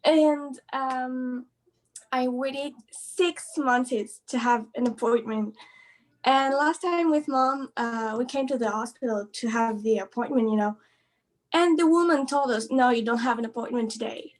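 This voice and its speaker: High-voiced cheerful woman on a video call. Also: slow pace. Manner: cheerful, laughing often, animated. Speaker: caller sharing a story. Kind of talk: casual storytelling.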